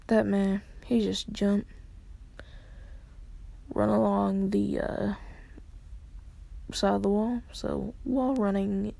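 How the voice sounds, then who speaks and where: A woman rambles through an improvised fan story, stumbling over fillers and restarts. Her delivery is slow and unhurried, with a thick gravelly fry and a husky, dark tone. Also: medium pitch, level tone.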